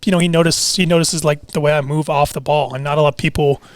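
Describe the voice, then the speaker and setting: Easygoing young pro athlete from Seattle. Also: male voice, a little high, steady tone, fast, dry recording. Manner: easygoing, lots of "yeah" and restarts. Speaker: pro basketball player. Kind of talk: casual radio interview.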